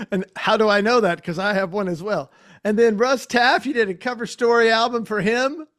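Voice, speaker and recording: A man's voice: high-pitched, normal speed, a bit bright. A man hosting a podcast interview over a video call, talking in an effusive, enthusiastic way and laughing easily. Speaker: podcast host. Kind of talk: casual interview chat.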